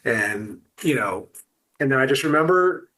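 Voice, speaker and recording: Middle-aged guy on a podcast, halting, keeps restarting, talking through grief. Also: mid-range voice, animated, bright, forceful tone. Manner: halting, many restarts and fillers. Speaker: guest. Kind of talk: emotional podcast conversation.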